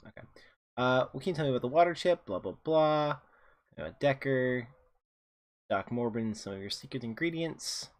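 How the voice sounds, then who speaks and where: Chatty man narrating his gameplay. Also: medium pitch. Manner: chatty, jokey asides, reads game dialogue aloud. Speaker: gaming channel host. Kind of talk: casual gameplay commentary. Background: faint game music.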